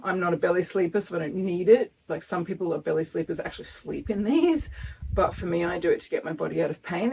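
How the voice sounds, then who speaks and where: A woman's voice: on the low side, creaky, a little mellow, slight background noise. A woman, talking earnestly and emotionally in a casual vlog, filmed outdoors in front of her house. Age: 50s. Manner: emotional, earnest, close to tears. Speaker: vlogger. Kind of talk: casual pregnancy update vlog.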